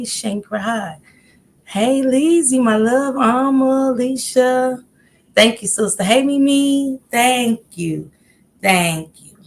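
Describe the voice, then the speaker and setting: A woman's voice: fairly high pitch, vocal fry. A woman hosting a casual livestream, a little out of breath as she chats and greets viewers one by one with upbeat calls. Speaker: livestream host.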